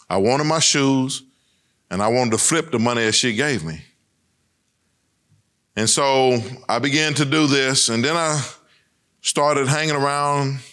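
Telling his own story as a personal testimony, a middle-aged man speaks in a fairly bright tone, his delivery swinging emphatically between raised and lowered lines.

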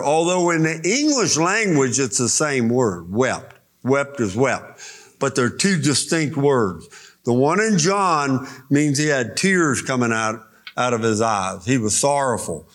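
A man preaching a sermon, explaining scripture slowly and deliberately and reading verses aloud. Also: medium pitch.

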